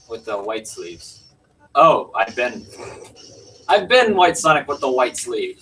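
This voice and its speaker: A man livestreaming a fighting game, swearing and yelling outbursts between muttered comments. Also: mid-range voice, big pitch swings, slow, long pauses, distant mic.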